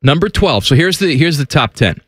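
A man's voice: on the high side, lively intonation, fairly quick, fairly bright tone, dry recording, studio quality. A man co-hosting a sports talk show, emphatic and opinionated with mock outrage. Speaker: co-host.

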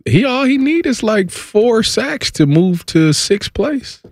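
A laid-back man co-hosting sports talk radio who laughs easily. His pitch moves a lot as he talks. The sound is dry and close. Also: very animated, slow pace, no room sound. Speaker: sports radio co-host, former player.

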